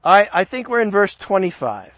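A man's voice: sits high, big pitch swings, moderate pace, fairly bright tone, no room sound. A man preaching a sermon, chatting in a conversational way and lifting his voice for emphasis when he reads scripture. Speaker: pastor.

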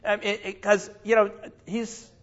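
A man teaching the Bible verse by verse in a lively way, often exclaiming and correcting himself. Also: sits high, a little slow, muffled recording.

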